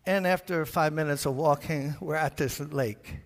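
Gravelly Brooklyn pastor telling a story. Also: male voice, on the high side, moderate pace. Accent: New York. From Brooklyn, New York. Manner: animated storyteller, acts out voices. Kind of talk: storytelling sermon. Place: large church. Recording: reverberant church hall.

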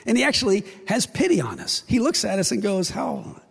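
A man's voice: high voice, huge pitch swings, fast talker, vocal fry, breathy edge. A man preaching a sermon, acting out the voices of God and his listeners. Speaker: pastor. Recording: long reverb of a large hall.

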